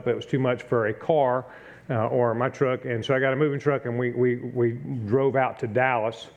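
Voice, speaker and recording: A middle-aged male pastor with a medium-pitched, darkish voice preaches a conversational sermon. He tells a self-deprecating story and acts out his own frustration. The sound quality is lo-fi.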